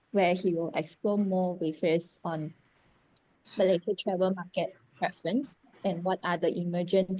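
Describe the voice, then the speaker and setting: Low-voiced woman hosting a webinar. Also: mellow, slight background noise. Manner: friendly, slightly halting, with many fillers. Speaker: webinar host. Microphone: video call.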